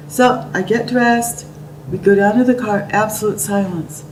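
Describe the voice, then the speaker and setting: Speaking a little slowly at a medium pitch, a middle-aged woman vividly relates something that happened to her, performing each person's lines. The audio sounds distant, roomy, and full of noise.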